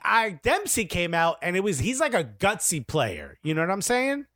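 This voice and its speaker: A man's voice: high-pitched, wildly swooping pitch, normal speed, fairly bright tone, dry recording, clean studio sound. A man co-hosting a casual soccer show, joking around and laughing often. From United States. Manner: jokey, laughs often, loose banter. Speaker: podcast co-host. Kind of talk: casual sports chat.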